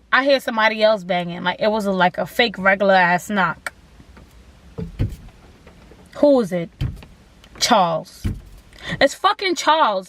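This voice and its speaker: A young woman vlogger telling a story casually, animated and full of slang and swearing, with lots of "like" fillers. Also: sits high, dry recording. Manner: animated, slang-heavy and profane, repeats "like".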